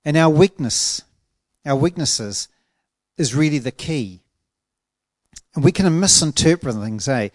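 A man preaching a sermon in an earnest, emphatic way, slowing down to stretch out key words. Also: fairly high pitch, animated, no echo, studio quality.

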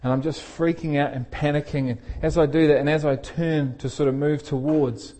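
A man's voice: a little high, steady tone, moderate pace, warm tone. A middle-aged man, a pastor telling a personal story in a sermon and laughing often as he speaks. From England.

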